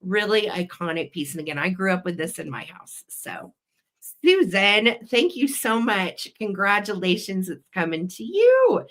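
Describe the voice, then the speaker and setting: A woman's voice: medium pitch, very animated, measured pace. Effusive woman hosting a live sale. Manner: effusive, warm greetings to viewers, counts down bids. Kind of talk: live online auction chat.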